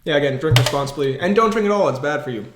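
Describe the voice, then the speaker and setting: A man's voice: fairly high pitch, expressive, racing, noisy background. A man co-hosting a podcast in casual chat at a friend's home, joking and laughing often. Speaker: podcast co-host.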